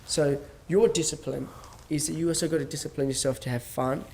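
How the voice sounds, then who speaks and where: A man's voice: a little high, steady tone, fairly quick, gravelly, a little mellow. A man hosting a podcast, talking casually in a rambling way, full of fillers and restarts, and acting out dialogue as he tells stories. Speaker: podcast host. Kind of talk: casual monologue.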